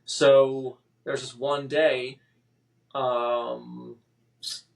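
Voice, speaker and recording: Male guest, mid-pitched, halting emotional storyteller, slightly distant mic. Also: little pitch movement, creaky. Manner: halting, emotional, with many restarts and fillers. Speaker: podcast guest. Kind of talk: personal story in a podcast interview.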